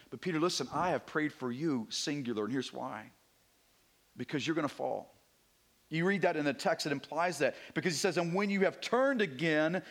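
A male pastor preaching a Sunday morning sermon, moving between hushed, intimate passages and emphatic, rising declarations. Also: high-pitched. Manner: swings from hushed to emphatic, repeats words when building a point.

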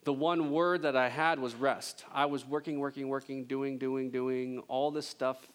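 A man preaching a sermon as pastor, conversational and joking, with emphatic swings between loud intensity and a hushed delivery. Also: medium pitch, steady tone, unhurried, clean tone. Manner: conversational with jokes and laughter.

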